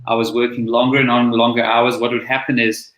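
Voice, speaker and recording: A man's voice: medium pitch, little pitch movement, brisk, a bit bright, echoey room, poor audio. A man from South Africa with a South African accent, a chiropractor telling his story in a casual interview over a video call. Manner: friendly, earnest, storytelling. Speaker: guest, chiropractor and coach.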